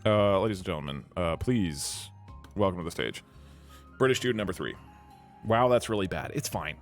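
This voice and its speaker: Rambling, animated streamer guy. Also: low-pitched, moderate pace, soft background music. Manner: rambling, exclamatory, thinks aloud. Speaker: YouTube streamer host. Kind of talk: casual commentary while working on screen.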